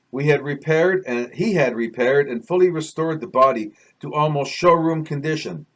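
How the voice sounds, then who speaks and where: A Canadian man reads his own novel in a relaxed, conversational way, drifting into side remarks. He often corrects himself mid-sentence. His voice sits in an ordinary middle pitch. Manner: casual, digressive, restarts mid-sentence. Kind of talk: chatty book reading with asides.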